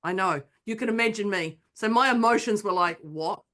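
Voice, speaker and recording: Woman telling a lively story. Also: a little high, a little fast. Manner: animated storyteller, acts out her own quotes. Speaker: podcast co-host. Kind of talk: casual chat, storytelling.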